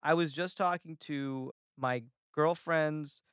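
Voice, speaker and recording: A man's voice: on the high side, slow, smooth, no room sound, clean studio sound. A young adult man from New York, a comedian telling stories and ranting in a casual podcast chat. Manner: animated storytelling, rants with rising emphasis. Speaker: comedian guest.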